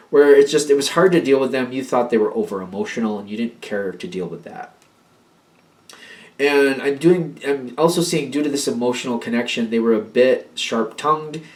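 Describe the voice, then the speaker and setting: A man of middle pitch reads tarot cards in a loose, unscripted way. He stops to restart and repeat himself, with lots of filler words, as he speaks straight to the listener. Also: darkish tone. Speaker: tarot reader. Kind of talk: casual tarot reading to camera.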